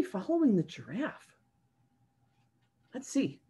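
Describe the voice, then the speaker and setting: Lively, slow-paced woman reading to children. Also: medium pitch. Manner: sing-song and animated, asks children questions. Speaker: children's librarian. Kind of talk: reading a picture book aloud to young children. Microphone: video call.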